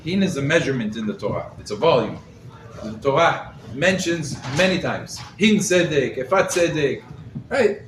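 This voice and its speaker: A man's voice: a little high, moderate pace. Rabbi guy teaching torah to a group, asks them questions, sounds far off, faint noise behind. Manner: animated teacher, quizzes listeners, Hebrew terms. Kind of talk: Torah class to a live group. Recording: roomy echo, mic set far off, faint background noise.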